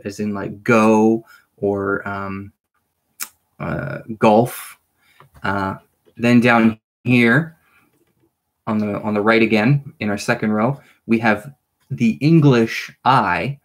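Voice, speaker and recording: A man explaining the letters of an invented alphabet, sounding out each sound with many ums and restarts. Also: lowish voice. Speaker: conlang creator explaining an alphabet. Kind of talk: unscripted explanatory lesson.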